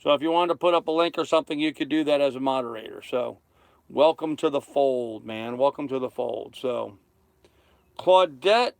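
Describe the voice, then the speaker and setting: A man's voice: medium pitch, normal speed, creaky, no room sound. A man in his thirties hosting a casual livestream from his sailboat, chatting and thanking viewers by name. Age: 30s. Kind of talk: casual livestream chat reading comments. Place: on a sailboat cockpit.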